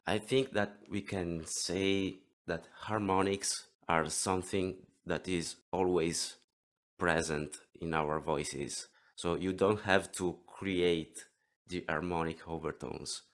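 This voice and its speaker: A man in his thirties with an Italian accent, explaining throat singing in an interview lesson, halting and often restarting his words. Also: low voice. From Italy. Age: 30s.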